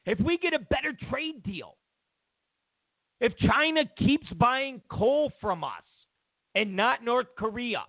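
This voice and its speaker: A man's voice: very high voice, big pitch swings, slow pace, no room sound. A man hosting a political commentary show, talking emphatically and mockingly, often repeating himself. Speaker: host. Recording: dry, tinny phone-like sound.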